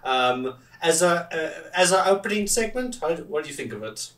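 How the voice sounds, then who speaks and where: A man's voice: fairly high pitch, lively intonation, normal speed, a bit bright, echoey room, distant mic. A man co-hosting a casual film review chat, retelling scenes with lots of fillers and restarts. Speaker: podcast co-host.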